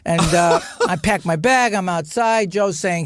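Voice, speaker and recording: An older man telling an animated family anecdote on a podcast, acting out shouting relatives. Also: high-pitched, measured pace, no room sound. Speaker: podcast guest. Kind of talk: storytelling anecdote.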